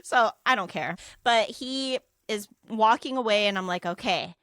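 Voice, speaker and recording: Woman, young adult, podcast co-host, casual storytelling, profane, bright tense voice, dry close sound. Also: fairly high pitch, normal speed, clean tone, no room sound. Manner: profane, animated retelling with quoted dialogue.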